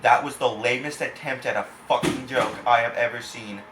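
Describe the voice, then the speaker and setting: A man's voice: medium pitch, fairly even intonation, normal speed. Angry, foul-mouthed male movie reviewer. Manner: angry, profane, insulting. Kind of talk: ranting film review. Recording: echoey room, faint background hiss.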